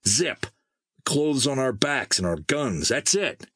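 Hot-headed young male scavenger, snappy and scornful, lively, husky , read by a male narrator. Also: mid-range voice, takes it slowly, no room sound, clean studio sound, voice pushed up, heavily acted.

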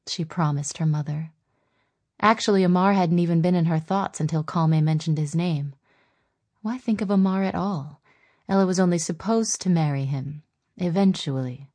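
A woman reading a novel aloud as an audiobook narrator, in a measured storytelling manner. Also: deep voice, darkish tone. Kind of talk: scripted narration.

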